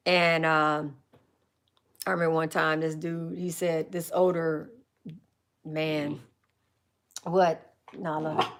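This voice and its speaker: A woman's voice: deep voice, little pitch movement, slow pace, pauses often, fairly bright tone. A woman from California hosting a casual live chat from her RV, answering viewers' questions in a rambling, chatty way with restarts and asides.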